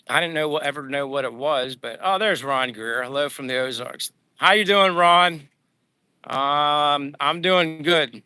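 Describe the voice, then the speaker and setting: Rambling older man from Pennsylvania, bright voice. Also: fairly high pitch, unhurried, smooth, no room sound. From Pennsylvania, USA. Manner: rambling, friendly, frequent fillers and restarts. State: sweating in the heat. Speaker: livestream vlogger reading chat. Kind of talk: casual live chat while walking. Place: outdoors under trees in the heat.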